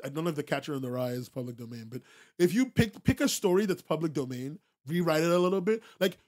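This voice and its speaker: A man's voice: a little high, a little mellow. A man hosting a podcast, talking bluntly and casually to his stream chat, swearing freely and repeating himself for emphasis, laughing often. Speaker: podcast host.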